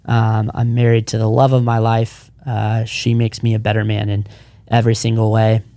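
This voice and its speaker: A man's voice: lowish voice, monotone, normal speed, warm tone, no echo. Man, thirties, podcast co-founder, casual storytelling, earnest, restarts often, dry recording. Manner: earnest, rambling with frequent restarts. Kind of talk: personal storytelling in casual chat.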